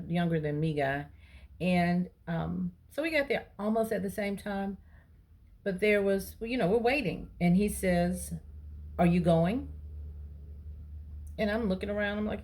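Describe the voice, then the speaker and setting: A woman, chatting to her viewers and retelling an everyday encounter with lively quoted dialogue. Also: on the low side. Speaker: vlogger. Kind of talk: casual storytelling to camera.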